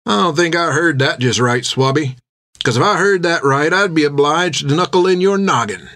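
A man voicing a brawny, quarrelsome male sailor who threatens in rough slang, pitched above his own voice. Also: lively intonation, moderate pace, fairly bright tone, no room sound, clean studio sound. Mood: menacing.

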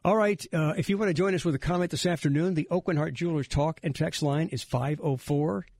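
A middle-aged male radio host with a gravelly, husky voice, chatting casually and rambling through stories with lots of restarts. His voice sounds close and dry, with no room around it. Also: on the high side, fast, darkish tone, dry recording. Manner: rambling, self-interrupting storyteller. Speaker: radio talk show host.

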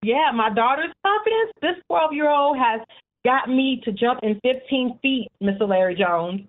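A woman in her forties who leads a support group, talking in a casual interview and telling stories in an animated way with frequent "you know". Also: high-pitched, moderate pace. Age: 40s. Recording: tinny phone line.

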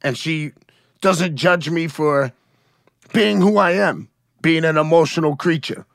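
A man with a fairly high voice speaks openly and emotionally as a guest in an interview, often checking in with "you know what I mean?". The recording is dry and close, with no room sound. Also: measured pace, creaky, a bit bright, no echo. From United States. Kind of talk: candid conversational interview.

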